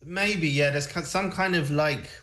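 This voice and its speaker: A man's voice: a little high, measured pace, fairly bright tone, slight background noise. A man hosting a casual music livestream, joking, laughing and chatting loosely with his co-host. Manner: jokey, laughing, self-deprecating. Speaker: radio show host.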